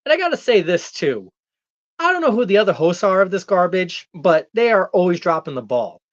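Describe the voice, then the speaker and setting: In a dull, dry lo-fi recording with no room sound, a man rants as an arrogant heel wrestler visiting a talk show, full of cocky taunts. His high voice is very animated and his delivery brisk.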